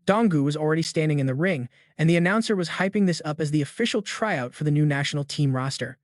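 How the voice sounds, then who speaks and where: A man's voice: fairly high pitch, animated, fast, no room sound, clean studio sound. A man narrating a comic-style story recap in a hyped, slang-heavy scripted manner.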